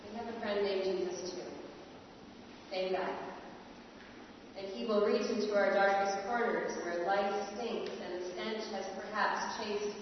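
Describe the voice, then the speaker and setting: A woman preacher delivering a sermon with a measured, repeating cadence and dramatic pauses. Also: mid-range voice, fairly even intonation, a little hiss or hum. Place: church sanctuary. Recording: distant echoey church recording, dull sound.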